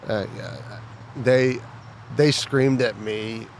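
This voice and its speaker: A man in casual podcast chat with a mid-range voice, telling lively stories. He bursts into shouted impressions of a drill instructor. Faint urban traffic noise sits in the background. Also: mid-range voice, slow pace. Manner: animated storyteller, mimics shouting drill instructor. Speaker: podcast co-host.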